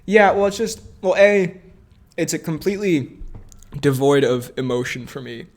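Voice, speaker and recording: A man's voice: on the high side, animated, moderate pace. A young man co-hosting a casual movie podcast, rambling, laughing often and losing his train of thought. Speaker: podcast co-host.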